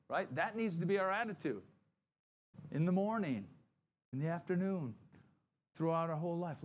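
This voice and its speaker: Conversational preacher man, slightly high voice. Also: expressive, slight background noise. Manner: conversational preaching, asks "right?" often; acts out Bible figures in quick quoted voices. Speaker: pastor. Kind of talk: sermon.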